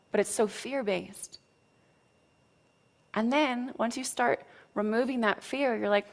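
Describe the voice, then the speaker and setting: A woman's voice: a little high, unhurried. A woman teaching as a spiritual coach, talking frankly and casually, with mild cursing and frequent check-ins with her listeners. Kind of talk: motivational teaching talk.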